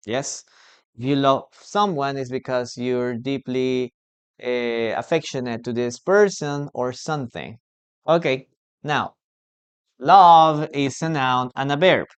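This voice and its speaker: English teacher, live online class, talks real slow, drills words over and over. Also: mid-range voice, clean tone. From Peru. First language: Spanish. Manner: repetitive, drills pronunciation, asks the class questions.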